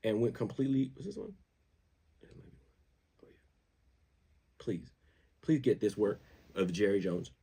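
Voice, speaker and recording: A male show host giving casual sports commentary, animated and repeating words for emphasis. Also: lowish voice, moderate pace, pauses often, breathy edge.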